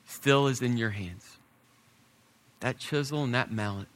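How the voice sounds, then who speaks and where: A middle-aged man preaching a sermon as a pastor, telling stories and building to emphatic points before dropping his voice low. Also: measured pace. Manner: storytelling preacher, rising to emphasis then dropping soft.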